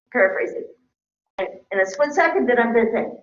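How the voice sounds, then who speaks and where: Woman teacher, middle-aged, conversational lecture, highish voice, roomy dull lo-fi recording. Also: animated, fast talker. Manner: conversational, checks in with the class often. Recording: echoey room, dull lo-fi sound.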